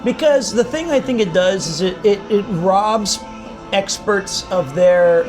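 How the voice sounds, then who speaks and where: A man's voice: sits high, measured pace, music in the background. A man in a casual chat over drinks in a bar, rambling and restarting his sentences. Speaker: guest. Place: bar or pub.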